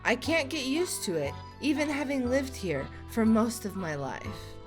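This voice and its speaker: A woman hosting a casual game playthrough, chatting and reading the game's story text aloud in a bubbly way. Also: medium pitch. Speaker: let's play host.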